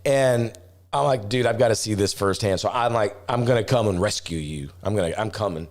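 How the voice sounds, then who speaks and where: A middle-aged man, a travel vlogger, telling a story casually, rambling with restarts and getting animated as he acts out voices. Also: fairly low pitch, a little fast.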